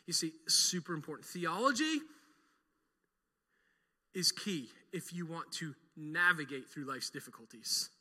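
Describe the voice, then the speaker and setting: Bright-voiced middle-aged preacher in a reverberant hall. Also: male voice, on the high side, animated, unhurried. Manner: emphatic, leads call-and-response with the congregation. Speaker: pastor. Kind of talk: sermon.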